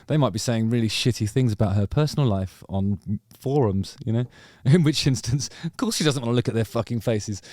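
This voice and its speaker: A man's voice: mid-range voice, expressive, a little fast, few pauses, a little mellow, no echo, clean studio sound. A man hosting his own channel, giving playful, joking commentary on music performers. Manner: jokey, playful, drifts into mock voices. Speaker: YouTube channel host.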